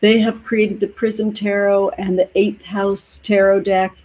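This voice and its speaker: A woman hosting a tarot livestream, chatting warmly with viewers from home, gentle and emotional, calling everyone honey and sweetheart. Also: mid-range voice, flat delivery, a little slow, rough recording. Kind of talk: casual livestream chat with viewers. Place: home near the ocean.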